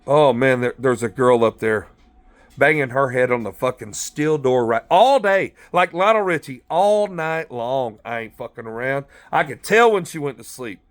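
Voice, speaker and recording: Sitting in a car, a man who used to be a corrections officer tells stories in a rambling monologue, his voice medium in pitch and moderate in pace. He's animated, blunt and full of profanity.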